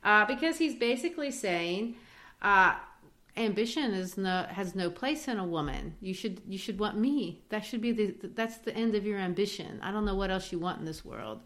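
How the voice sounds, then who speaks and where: A woman teaching literature in a lively way, discussing a play and acting out its quoted lines. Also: mid-range voice, moderate pace. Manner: animated, acts out quoted lines.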